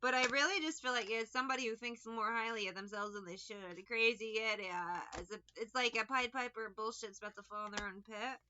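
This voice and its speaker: A woman's voice: a little high, fairly even intonation, fairly quick, hardly any pauses, pushed and bright, lo-fi sound, slight background noise. A woman giving a casual tarot reading, rambling, sarcastic and liberal with swearing. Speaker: tarot reader.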